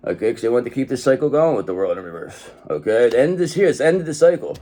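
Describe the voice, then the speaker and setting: A man's voice: medium pitch, big pitch swings, fast, warm tone. Rambling man giving a casual tarot reading. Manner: rambling, often says "okay"; swears freely. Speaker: tarot reader.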